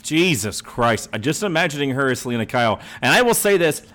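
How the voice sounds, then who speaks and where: A man in his thirties, a podcast co-host in casual chat, talking in an animated, profane way and slipping into mocking impressions. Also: medium pitch, fairly quick.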